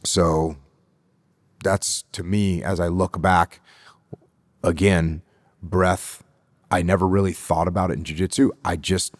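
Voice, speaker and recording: A middle-aged man from the United States, a podcast interview guest, speaks in a steady, measured way and repeats key phrases for emphasis. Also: deep voice, no room sound, clean studio sound. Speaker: guest, retired military officer.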